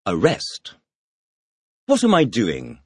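A man's voice: mid-range voice, huge pitch swings, breathy edge, no room sound, clean studio sound. A man teaching a scripted language drill, firing short questions and cues in a clipped way. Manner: clipped question-and-answer delivery, words spoken slowly.

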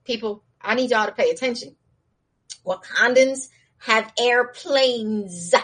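A woman casually recapping a show in slangy talk, acting out the characters' lines in a higher voice and laughing now and then. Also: takes it slowly, a bit bright. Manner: chatty with frequent laughs and asides.

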